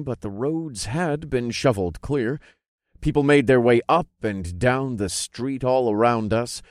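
A man narrating a first-person fantasy audiobook with an expressive storytelling delivery. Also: medium pitch, no echo, studio quality.

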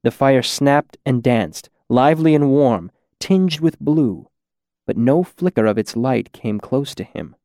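Slow, gravelly male narrator. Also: medium pitch, expressive, warm tone, no echo, clean studio sound. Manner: measured, deliberate reading. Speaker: audiobook narrator. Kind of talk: scripted fantasy narration.

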